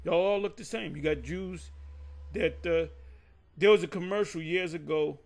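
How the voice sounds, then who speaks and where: A man's voice: a little high, normal speed, gravelly. A man teaching from the Bible in a casual, rambling way, often stopping to correct himself and drifting off on side stories. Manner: rambling, digressive, self-correcting.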